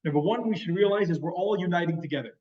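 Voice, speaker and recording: High-voiced rabbi telling a story. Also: male voice, fast, darkish tone. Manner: storytelling, conversational. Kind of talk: sermon. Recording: dull lo-fi sound.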